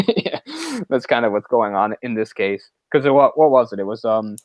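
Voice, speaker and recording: A man's voice: fairly low pitch, normal speed, dry recording, dull audio. A man co-hosting a casual movie discussion podcast, rambling, searching for words and laughing often. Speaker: podcast co-host.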